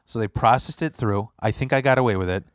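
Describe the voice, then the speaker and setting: A young podcast host speaks fast in a smooth, mid-range voice, captured in studio quality with no echo. He's an animated storyteller in casual conversation who acts out quotes and swears a lot.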